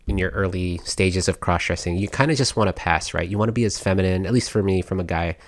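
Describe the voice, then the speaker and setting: Deep-voiced chatty man hosting a podcast. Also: quick pace, no room sound, studio quality. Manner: rambling, chatty, many fillers and laughs. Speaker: podcast host. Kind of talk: casual podcast monologue.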